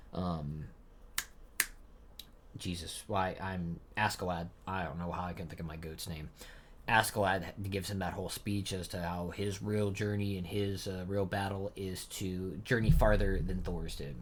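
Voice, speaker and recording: A young man reading a manga chapter aloud and chatting about it in a rambling, casual way. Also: sits low. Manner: rambling, chatty asides with fillers. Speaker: manga reaction streamer. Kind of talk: casual live reading and commentary.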